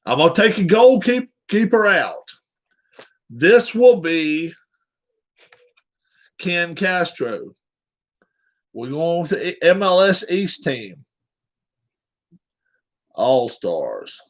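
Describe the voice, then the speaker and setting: Slow, lively-voiced man chatting casually. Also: on the high side, rough recording. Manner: rambling, chatting with viewers while setting up a game. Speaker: streamer hosting viewers. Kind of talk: casual live-stream chat.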